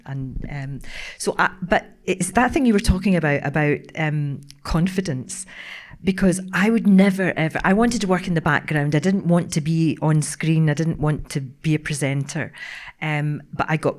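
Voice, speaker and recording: A middle-aged woman, a broadcaster on a panel, telling stories in a casual, animated way with frequent laughs and restarts. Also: low-pitched. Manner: animated storyteller, laughing often, many restarts.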